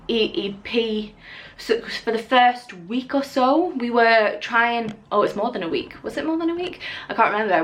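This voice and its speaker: A woman's voice: medium pitch, a bit bright, slight background noise. A young woman chatting casually to camera at home, rambling and breaking off now and then to talk to her puppy. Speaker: vlogger. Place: home living room.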